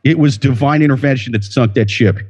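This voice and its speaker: A man's voice: medium pitch, brisk, darkish tone, slightly rough, muffled recording. A man co-hosting a casual podcast, joking in a sarcastic manner. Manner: sarcastic, jokey. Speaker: podcast co-host. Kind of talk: casual chat.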